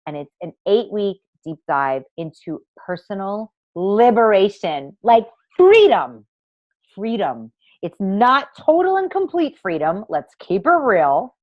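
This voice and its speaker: A women's coach and online workshop host leads a live masterclass for women in a mid-range voice with big pitch swings, unhurried and with few pauses. She gushes dramatically, hits words hard and swears freely, and the dry recording has its highs cut off.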